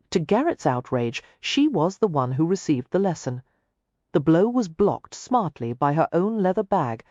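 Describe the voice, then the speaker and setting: Expressive woman narrating an audiobook. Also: sits low, dry recording, muffled recording. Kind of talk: scripted narration.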